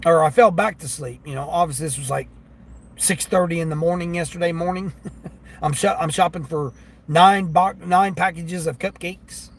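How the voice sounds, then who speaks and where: A man talks casually on a livestream from his car, grumbling about gig work and customers. His voice sits a bit high for a man, and the hum of the vehicle runs underneath. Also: moderate pace. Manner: chatty, complaining, acts out customers' voices. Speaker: delivery driver livestreamer. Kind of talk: casual livestream chat while driving.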